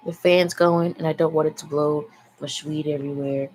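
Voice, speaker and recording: A woman's voice: deep voice, fairly even intonation, normal speed, darkish tone, low-quality recording. A young woman vlogger chatting in a frank, rambling way, sighing and swearing freely. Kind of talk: casual rambling chat. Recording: faint background noise.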